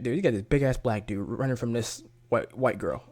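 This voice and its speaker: A man's voice: mid-range voice, sing-song, brisk, darkish tone, husky. A man making a casual reaction video as a YouTube commentator, chatty and loose with slang, often breaking into laughter.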